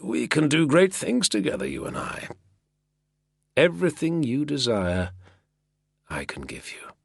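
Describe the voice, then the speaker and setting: A man's voice: medium pitch, huge pitch swings, measured pace, creaky, no echo, studio quality, voice pushed up, full character voice. Man voicing a sardonic drawling schemer. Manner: artful sardonic drawl, purring. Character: sly sardonic male schemer, smooth and persuasive. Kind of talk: audiobook character reading.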